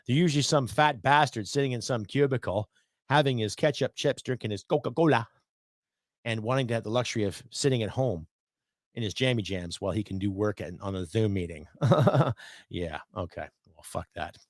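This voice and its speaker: A man's voice: fairly low pitch, brisk, no echo. Guy in his 50s ranting on his podcast, sarcastic and sweary, dry close mic. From Canada. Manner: blunt, profane, sarcastic ranting. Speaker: podcast host.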